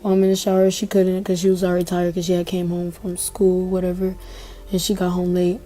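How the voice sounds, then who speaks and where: A woman's voice: on the low side, monotone, quick pace, mellow, soft background music. A young woman telling her own story in a casual, emotional way, acting out what others said to her. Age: young adult. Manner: emotional, quotes others in conversation. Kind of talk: casual personal retelling.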